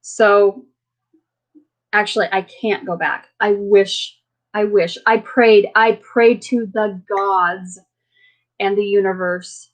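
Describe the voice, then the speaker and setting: Woman, livestream host, casual chat, earnest, halting, restarts her sentences. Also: medium pitch, fairly even intonation, low-quality recording. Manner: earnest, halting, circling back on herself.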